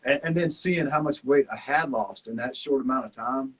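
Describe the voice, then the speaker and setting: A husky, mid-range male voice at normal speed, recorded in low quality, belongs to a former survival show contestant. With a Southern accent, he casually reflects on the show, rambling at ease and filling gaps with lots of fillers.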